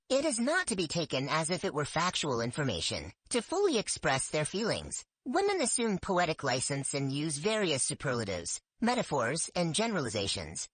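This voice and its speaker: Lady reading an audiobook, kinda low voice, really animated delivery, dry studio feel. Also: breathy edge, no echo. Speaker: audiobook narrator. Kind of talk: scripted audiobook narration.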